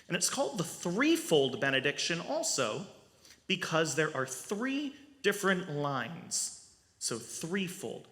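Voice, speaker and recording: A male rabbi giving a storytelling sermon at a family service, animated and asking the audience questions. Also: on the high side. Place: synagogue sanctuary. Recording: long reverb in a large hall.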